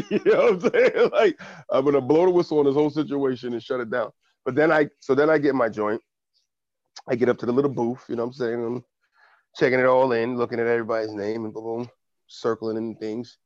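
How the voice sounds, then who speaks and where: A man's voice: mid-range voice, fairly quick, no room sound. Muffled man telling a story, cursing. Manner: animated storytelling with profanity. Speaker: podcast co-host. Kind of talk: casual chat.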